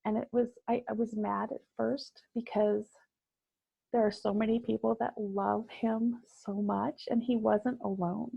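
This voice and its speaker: Woman, husky, flat-toned, halting, reflective, conversational. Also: fairly high pitch, no room sound, highs cut off. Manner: reflective, halting with many fillers. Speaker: guest. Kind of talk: personal storytelling in conversation.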